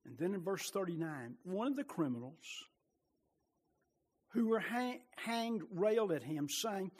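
A man preaching a sermon with passion, rising to loud bursts and dropping to quiet, low asides. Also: big pitch swings, a little slow, long reverb tail.

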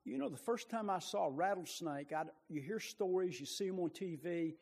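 A man preaching a sermon with passion, rising to loud bursts and dropping to quiet, low asides. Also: normal speed, gravelly, slightly rough, in a large hall.

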